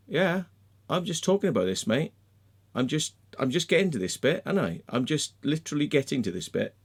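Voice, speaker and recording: A man's voice: mid-range voice, sing-song, moderate pace. A man, ranting angrily and sarcastically to the viewers of his vlog, swearing often and ending his points with "yeah?" or "right?". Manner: heated, sweary, keeps adding "yeah?" and "right?"; sarcastic, mocking. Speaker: vlogger. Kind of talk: angry ranting vlog monologue.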